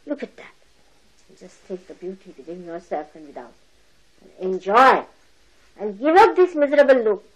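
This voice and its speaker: An older woman giving a spiritual talk to followers, animated and laughing, mimicking people as she speaks. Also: mid-range voice, moderate pace, long pauses, poor audio. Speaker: spiritual teacher. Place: lecture hall.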